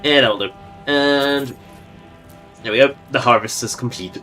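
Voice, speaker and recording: A man's voice: mid-range voice, a little slow, sharp tone, faint music behind. Playful man streaming a game. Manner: playful, giggly, rambling. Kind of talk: casual gameplay commentary.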